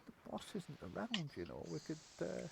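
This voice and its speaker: A man's voice: fairly high pitch, huge pitch swings, moderate pace, vocal fry, pitched above the performer's own voice, heavily acted. A man voicing a kind, bashful male goblin who works at a carnival, talking in an eager, insistent way and repeating himself. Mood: eager, coaxing. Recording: background hiss.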